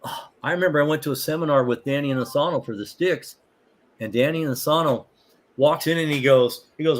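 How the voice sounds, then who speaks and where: A man's voice: on the high side, fast talker. Rambling older man telling stories. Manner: rambling, animated, many fillers and restarts. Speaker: martial arts instructor, guest. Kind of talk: casual storytelling.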